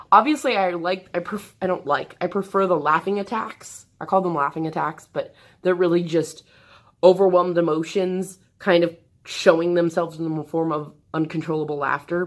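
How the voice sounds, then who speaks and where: A woman vlogger talking candidly to the camera from her bed, in a halting, hesitant way with many restarts. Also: on the low side, a bit bright. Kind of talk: candid personal talk to camera. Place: bedroom, sitting on an air mattress.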